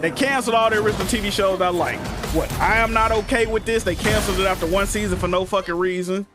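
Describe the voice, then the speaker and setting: A man on a gaming stream rants at length, his voice sitting high for a man. His talk is loose, profane and full of slang. Game music runs behind him throughout. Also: quick pace. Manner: animated, profane, slangy storytelling. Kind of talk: casual rant on a gaming stream. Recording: music playing in the background.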